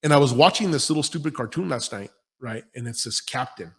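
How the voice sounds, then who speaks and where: A man in his forties hosts a podcast and owns a gym, delivering a casual motivational monologue. His medium-pitched voice moves a little fast as he talks in a blunt, profane, rambling and intense way.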